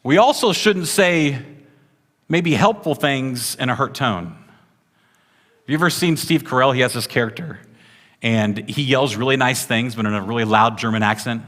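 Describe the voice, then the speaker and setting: A man's voice: medium pitch, moderate pace, fairly bright tone. Conversational male pastor in reverberant hall. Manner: conversational, frequent "right?" tag questions. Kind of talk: sermon. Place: church room with congregation.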